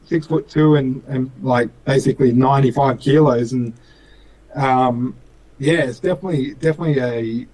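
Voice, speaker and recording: A man's voice: mid-range voice, normal speed, darkish tone, low-quality recording. A young man with an Australian accent talks casually about racing, his voice sitting in a middle register. He rambles with fillers and restarts and slips into acted-out quotes of other people. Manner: chatty, lots of fillers and restarts, acts out dialogue. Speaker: speedcar driver. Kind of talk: casual interview chat.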